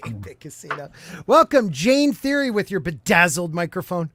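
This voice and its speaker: A man's voice: high voice, very animated, moderate pace, a bit bright, slight background noise. A man hosting a livestream podcast panel in playful, joking casual chat, streaming from home. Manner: playful, jokey, teasing. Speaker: podcast host.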